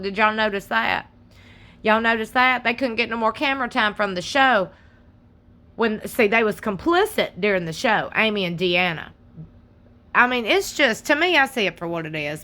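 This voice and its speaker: Woman, young adult, bright crisp voice, slightly high, sassy and animated, casual commentary. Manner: sassy, animated, talks straight to viewers. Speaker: commentary channel host.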